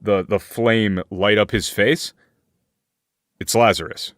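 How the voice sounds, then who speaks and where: A man running a tabletop game as game master, narrating slowly with fillers and restarts. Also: lowish voice, steady tone, fairly bright tone, dry recording, studio quality. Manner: slow, hesitant narration with many fillers.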